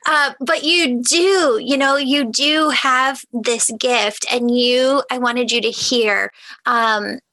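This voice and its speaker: Woman host and coach; bright, encouraging, enthusiastic. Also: sits high, fairly even intonation, slow pace, low-quality recording. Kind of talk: casual chat.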